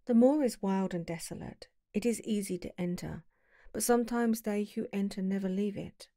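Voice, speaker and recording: A woman voicing a soft, dreamy young noblewoman. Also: medium pitch, no echo, studio quality, natural voice. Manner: soft, slow and dreamy, sometimes whispering. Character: mysterious young noblewoman falconer, gentle and dignified.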